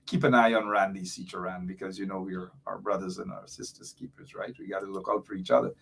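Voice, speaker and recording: A man's voice: deep voice, flat delivery, quick pace, creaky, a bit bright, breathy edge. A middle-aged man, hosting a live talk show and giving impassioned, rambling commentary while reading out listener comments.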